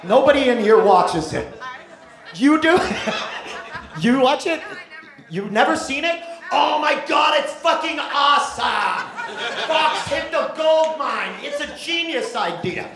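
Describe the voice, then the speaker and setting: Loud profane stand-up comic man. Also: very high voice, lively intonation, slow pace, crowd noise. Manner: loud, profane, mocking, acts out voices. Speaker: stand-up comedian. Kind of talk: stand-up set. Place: theater stage before a live audience. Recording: echoey live theater recording with noise.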